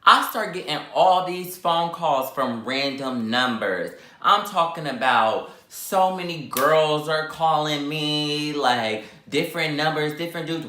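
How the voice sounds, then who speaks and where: A man in his twenties telling a dramatic story in a sassy, animated way, acting out the quotes. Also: on the high side, unhurried, hardly any pauses, reverberant. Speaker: vlogger. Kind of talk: storytime while eating.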